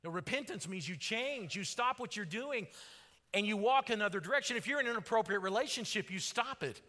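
Fervent high-voiced preacher in a reverberant hall. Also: male voice, lively intonation, fairly quick, sharp tone. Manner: fervent, rising and falling delivery. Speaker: pastor. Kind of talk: sermon. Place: large church sanctuary.

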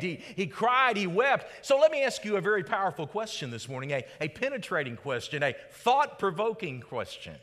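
A male pastor preaching with a lively, up-and-down delivery and a bright, forceful tone. He swings from loud rhetorical questions down to hushed emphasis. His voice carries a long reverb from a large hall. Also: sits high, moderate pace, hardly any pauses. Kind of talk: sermon.

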